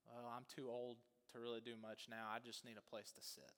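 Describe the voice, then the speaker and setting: A man's voice: mid-range voice, flat delivery, fairly quick, fairly bright tone, pitched below the performer's own voice, close to an everyday voice. A man voicing a demanding boy who grows into a restless man, whiny and impatient. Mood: weary. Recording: long church reverb.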